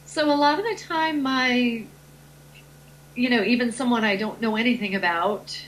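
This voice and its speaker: A woman guest on a talk show, speaking in a relaxed, unhurried way with frequent pauses and ums. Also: mid-range voice, slight background noise, rough recording. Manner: slow, unhurried, many ums. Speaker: guest, Reiki teacher. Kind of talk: casual interview chat.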